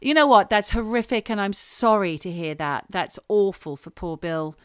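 A woman co-hosting a casual chat, reacting and chipping in with quick quips. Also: mid-range voice, lively intonation, clear, resonant tone, dry recording, studio quality. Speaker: podcast co-host.

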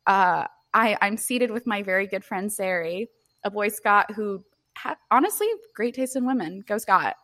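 Young woman co-host, 20s, animated storyteller with frequent laughs and a loose, swearing delivery, mid-range pitch. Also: normal speed. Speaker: podcast co-host. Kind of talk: casual storytelling chat.

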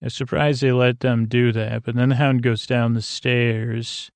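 A man's voice: mid-range voice, measured pace, clear, resonant tone, dry recording. A man casually recapping a TV episode in a rambling, drowsy way, full of filler words. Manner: rambling, many uh fillers, flat drowsy delivery. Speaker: podcast host recapping a TV episode.

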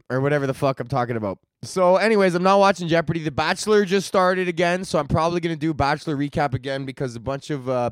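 A man's voice: medium pitch, no room sound, studio quality. A young man hosting a comedy podcast, rambling through a crude, slangy monologue and laughing at his own jokes.

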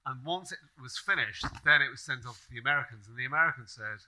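A man on a live festival panel, telling an animated story and acting out both sides of the conversation. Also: mid-range voice, fast talker, rough recording. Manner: animated storyteller who acts out quoted exchanges. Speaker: crime author on a festival panel. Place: festival stage before a live audience.

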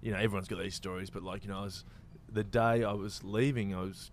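Laid-back Australian man, slightly low voice. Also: steady tone, fast talker. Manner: laid-back, rambling with many fillers and restarts. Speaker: comedian and actor, guest. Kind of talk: casual chat.

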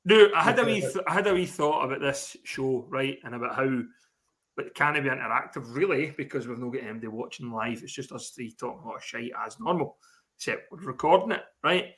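A man's voice: medium pitch, brisk, fairly bright tone. A man co-hosting a podcast, talking in sweary, rambling banter. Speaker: podcast co-host. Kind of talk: casual chat.

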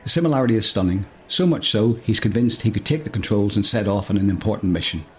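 A man's voice: fairly low pitch, quick pace. A man reading a comic story aloud, breaking off often to joke and laugh. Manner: jokey, laughs often, digresses. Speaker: storyteller and podcast host.

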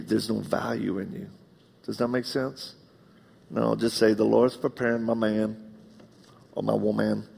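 Southern male preacher, gravelly voice, comic storyteller; long hall reverb. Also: mid-range voice, darkish tone. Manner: humorous storytelling, acts out dialogue. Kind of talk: live sermon. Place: church.

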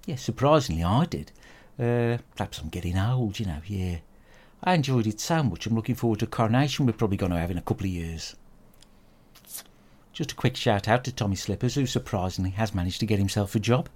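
Sweary British man ranting, lowish voice. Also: fast, darkish tone. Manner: crude, sweary, grumbling rant. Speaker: podcast host. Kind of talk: comic film review monologue.

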